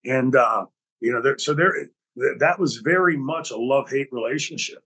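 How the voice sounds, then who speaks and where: Husky man telling backstage stories. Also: medium pitch, fairly quick, poor audio. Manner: animated storytelling with profanity and reenacted dialogue. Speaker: podcast host. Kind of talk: storytelling podcast talk.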